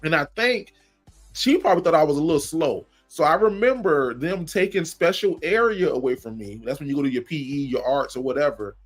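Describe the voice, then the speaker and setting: A man co-hosting a comedy podcast, telling a school story in a profane, animated way. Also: on the high side, brisk, soft background music. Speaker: podcast co-host.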